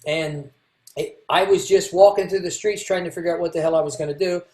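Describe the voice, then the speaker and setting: A man from Kentucky, a guest telling his life story in a candid, halting way and restarting his words. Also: fairly high pitch, fairly even intonation, a little mellow. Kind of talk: casual interview storytelling. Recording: echoey room.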